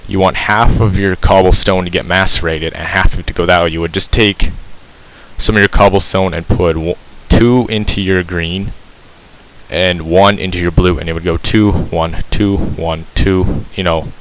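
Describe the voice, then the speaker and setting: A man's voice: low voice, steady tone, normal speed, rough recording. A man giving a casual game tutorial, rambling and correcting himself with lots of ums, breathing heavily into a cheap mic held very close to his mouth.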